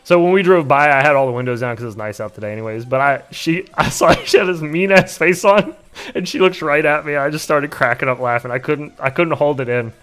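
A man's voice: on the high side, a little fast, a bit bright. A man in his thirties hosting a casual livestream, telling a story with laughs and swearing. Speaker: livestream host.

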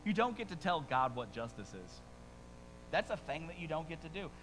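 A middle-aged pastor preaches in a casual, joking way, dropping rhetorical asides to the congregation. His voice sits a little high and comes across bright and forceful. A faint hum sits in the background. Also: big pitch swings, moderate pace, in a large hall, low-quality recording. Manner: conversational, humorous storytelling with frequent rhetorical asides. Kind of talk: sermon.

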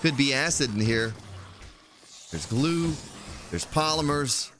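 A man's voice: medium pitch, animated, takes it slowly, background noise. Chatty male game streamer. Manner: chatty, thinks aloud while playing. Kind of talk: casual gameplay commentary.

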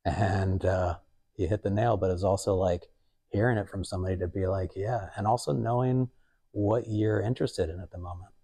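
Husky low-voiced guy, artist chatting casual and rambly, lots of "like"s. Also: steady tone, moderate pace, mellow. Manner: rambling, many fillers and quoted asides. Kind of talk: casual conversational talk. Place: art museum gallery.

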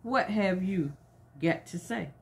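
A woman's voice: medium pitch, expressive, takes it slowly, creaky. A woman voicing a wise, stern elephant in a children's storybook. She reads its lines firmly. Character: wise, stern elephant who protects the weak.

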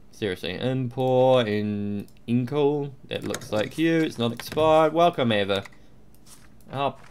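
A man's voice: mid-range voice, a little hiss or hum. A man giving playful, mock-official gameplay commentary, humming to himself and swearing now and then. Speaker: let's play host.

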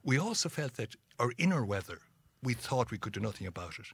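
A middle-aged man with an Irish accent talks through his life in an animated, storytelling way, taking on the voices of the people he quotes. His voice is a little husky and sits in a middle register. The sound is close and dry. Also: mid-range voice, a little fast, no echo. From Ireland. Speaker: guest. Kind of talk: storytelling interview.

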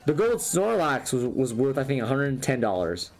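A man's voice: mid-range voice, very animated, a little fast, few pauses, darkish tone. A man losing his voice, chatting casually as he opens trading card packs and rambles through each card. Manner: rambling, restarts sentences. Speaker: YouTuber opening trading cards. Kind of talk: casual card-opening commentary. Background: faint background music.

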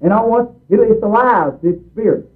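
A man's voice: sits high, fairly quick. A man preaching a fervent sermon in a folksy, emphatic way, repeating his points over and over. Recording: tinny phone-like recording.

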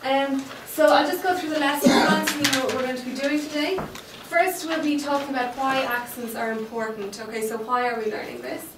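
A woman's voice: high voice, fairly even intonation, brisk, hardly any pauses, very noisy. A woman teaching a Spanish class, patient and explaining step by step, checking in with the students often. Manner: patient, checks understanding with frequent okay. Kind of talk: classroom lesson. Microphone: distant room microphone. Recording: echoey classroom, mic far off.

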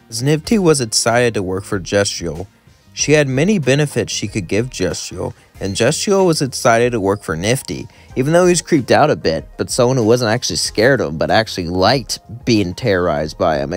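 A young man telling a fan story in a rambling, casual way. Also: on the low side. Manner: rambling, run-on sentences.

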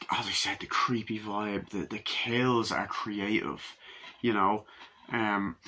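A man doing a casual movie review, loosely retelling scenes with swearing, many ums and quick quoted lines from the characters. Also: fairly low pitch, bright, forceful tone.

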